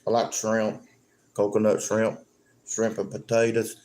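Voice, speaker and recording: A man's voice: fairly low pitch, monotone, unhurried, darkish tone. A man chatting casually and joking on a live stream, rambling and chuckling often.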